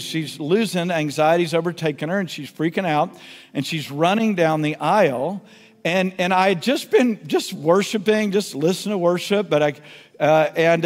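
A pastor giving a sermon, telling a story and leading prayer, moving between emphatic and hushed delivery. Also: male voice, on the high side, in a large hall. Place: church sanctuary.

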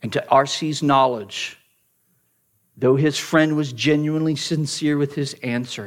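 Pastor telling a story in a sermon. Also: male voice, mid-range voice. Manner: storytelling, dramatic shifts from loud to hushed; repeats words at starts of phrases.

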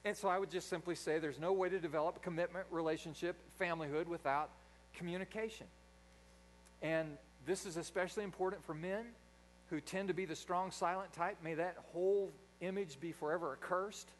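A man preaching a sermon in a church, a dynamic speaker who swings from loud emphasis to quiet asides. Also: sits high, steady tone, a little fast, slight background noise, low-quality recording. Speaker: pastor. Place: church sanctuary.

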